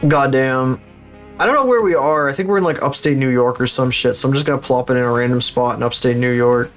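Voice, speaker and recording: A man's voice: mid-range voice, quick pace, soft background music. A man chatting casually on a livestream, rambling, swearing freely and laughing at his own stories.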